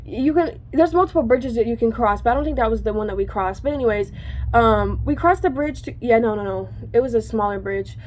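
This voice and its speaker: A woman's voice: fairly high pitch, animated, brisk, a little mellow, lo-fi sound. A woman telling a personal story to her viewers in casual chat, rambling and correcting herself, cursing freely.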